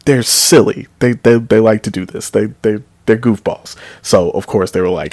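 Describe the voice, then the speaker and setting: Low-voiced man rambling through a music review. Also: steady tone, a little slow, hardly any pauses, a little mellow, dry recording. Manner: rambling, with frequent fillers and self-corrections; enthusiastic about the music. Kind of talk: casual album review.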